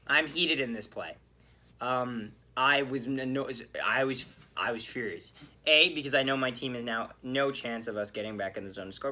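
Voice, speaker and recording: A man with a bright, forceful voice talks through a hockey game on his podcast. He rants and swears in animated bursts, then settles back into casual chat. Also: medium pitch, normal speed. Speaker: podcast host. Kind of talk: solo hockey game reaction.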